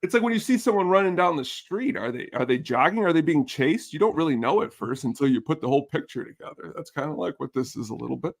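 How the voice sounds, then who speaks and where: Middle-aged male guest, higher-pitched, lively anecdote teller who voices his characters. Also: fast, vocal fry, few pauses. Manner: animated storyteller who acts out the people he quotes. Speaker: podcast guest. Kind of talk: casual podcast chat.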